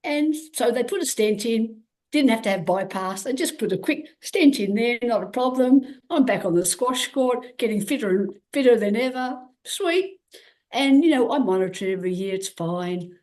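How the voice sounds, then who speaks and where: A woman's voice: a little high, normal speed. A woman from Australia, a guest athlete in an interview, telling her story candidly, acting out quoted dialogue with lots of restarts. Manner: animated, acts out quoted dialogue, frequent restarts.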